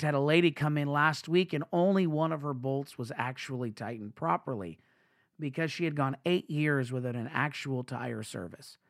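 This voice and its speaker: A man's voice: fairly high pitch, a bit bright, no echo, studio quality. A young man hosting a podcast, telling a self-mocking everyday story in a chatty, storytelling way. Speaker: podcast host.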